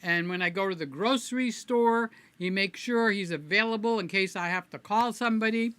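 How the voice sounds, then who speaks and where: A man's voice: high voice, moderate pace, fairly bright tone, clear, resonant tone, no echo. A man hosting his own live stream, chatting casually and playfully with viewers by name in a rambling way. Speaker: livestream host.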